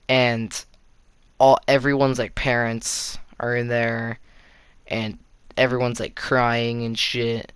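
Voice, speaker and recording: A man's voice: mid-range voice, fairly bright tone, smooth, no room sound. Rambling, swearing teen guy telling a story. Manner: rambling, swears often, filler-heavy with restarts. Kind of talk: casual storytime. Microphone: console facecam or headset mic.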